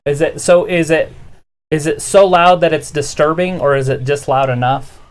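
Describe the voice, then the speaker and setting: A man's voice: fairly high pitch, steady tone, normal speed. A man co-hosting a casual wrestling watch-along stream, talking through his audio setup and reacting to matches, recorded on a studio mic with a pop filter. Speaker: stream co-host.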